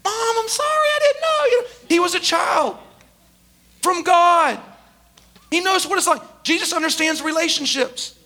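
A male preacher delivers a sermon with animated, emphatic storytelling. His voice sits very high and sounds bright.

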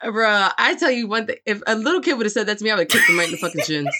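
A woman's voice: medium pitch, expressive, racing, very noisy. A young woman co-hosting a casual book chat, swearing freely and acting out the characters. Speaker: book club co-host.

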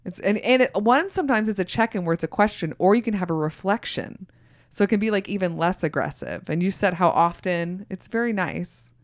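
A woman's voice: medium pitch, fairly quick. A woman co-hosting a casual podcast, chatty and giggly, with plenty of fillers. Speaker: podcast co-host.

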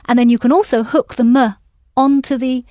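A woman's voice: high-pitched, steady tone, moderate pace, warm tone, dry recording, studio quality. A woman teaching a language lesson, patiently prompting her students with questions.

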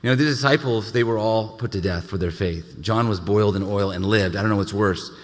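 A male pastor preaching a sermon, animated, with frequent stammered restarts and joking asides. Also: lowish voice, fairly quick. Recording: reverberant hall.

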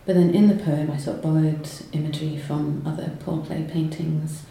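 Low-voiced woman poet in a roomy space. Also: flat delivery, normal speed, vocal fry, warm tone. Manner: hesitant, lots of ums and restarts when talking. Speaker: poet guest. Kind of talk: conversational interview and poetry reading. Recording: roomy echo, faint noise.

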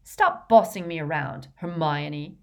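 A woman's voice: low voice, slow pace. A woman voicing a glum, nervous teenage boy wizard who talks moodily. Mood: irritated. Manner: glum, moody.

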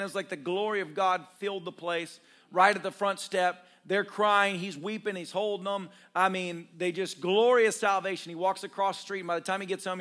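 A man preaching a sermon as pastor, exhorting the congregation with call-and-response and dropping to a quiet storytelling voice. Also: sits high.

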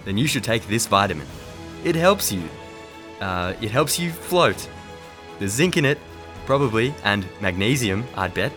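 A man's voice: lowish voice, lively intonation, normal speed, a bit bright, soft background music. A man impersonating a cheesy male celebrity athlete selling products in a comedic ad parody. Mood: salesy. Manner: salesy, goofy, laughs at himself.

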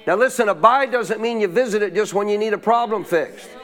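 High-voiced preaching pastor. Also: male voice, brisk, a bit bright. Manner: call-and-response preaching, asks congregation questions. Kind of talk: sermon. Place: church.

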